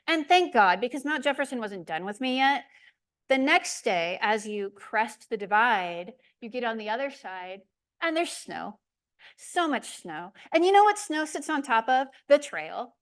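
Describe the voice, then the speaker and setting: Animated woman telling a trail story. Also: fairly high pitch, a little slow. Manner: animated, self-deprecating storytelling. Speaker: presenter. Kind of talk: storytelling presentation. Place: lecture room.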